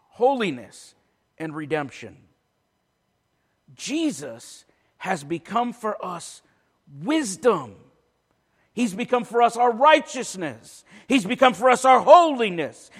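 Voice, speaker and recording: Male pastor with a high voice, delivering a sermon with humor and rising force; reverberant church sound. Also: sing-song, slow pace. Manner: joking asides that build to forceful preaching.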